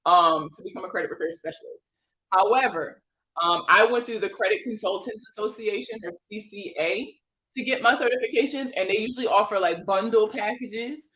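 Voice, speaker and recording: Host, female, 30s, Maryland accent; bright voice, laughs easily, loose and talkative. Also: medium pitch, low-quality recording. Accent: Prince George's County, Maryland. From Maryland, USA. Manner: laughs a lot, chatty and joking. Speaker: host of a credit advice livestream. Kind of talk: casual livestream chat.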